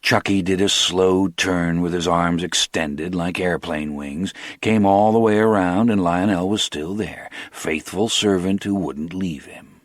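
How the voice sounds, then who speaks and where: Deep-ish guy reading a crime audiobook, measured and rhythmic, dead dry sound. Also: no room sound. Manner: measured, rhythmic storytelling with slowed emphases. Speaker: audiobook narrator. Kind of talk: audiobook narration of crime fiction.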